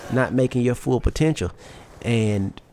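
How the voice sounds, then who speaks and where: This young man speaks at a measured pace in a medium-pitched, darkish voice with a strong Southern US twang. Over gameplay he gives casual motivational commentary for YouTube, candid and rambling, cursing freely. A bit of hiss or hum can be heard.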